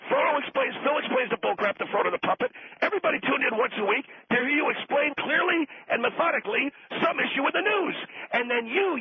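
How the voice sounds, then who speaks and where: A man's voice: very high-pitched, breathy edge, full character voice. A man playing an angry caller who rants and hurls insults in a comedy radio sketch. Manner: ranting, insulting. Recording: tinny phone line, dry.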